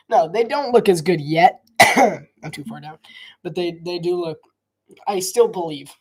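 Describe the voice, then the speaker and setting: A man's voice: high voice, a little slow, a little mellow, slightly rough. A man doing casual live football commentary, rambling and restarting his sentences, coughing often. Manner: rambling, repeats himself, frequent restarts. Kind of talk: casual live play-by-play and opinion chat.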